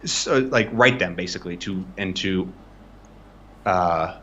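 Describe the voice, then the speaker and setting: A man's voice: deep voice, unhurried, bright, forceful tone, dull audio, slight background noise. A man tutoring pronunciation in a casual live-streamed lesson, explaining loosely and checking in with frequent "right?". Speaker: language tutor.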